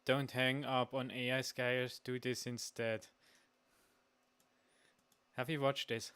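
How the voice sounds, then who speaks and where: A man hosting a casual reaction stream, hesitant and halting with frequent ums and uhs. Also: mid-range voice, little pitch movement, fairly bright tone, smooth. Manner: slow and hesitant, lots of um and uh while searching.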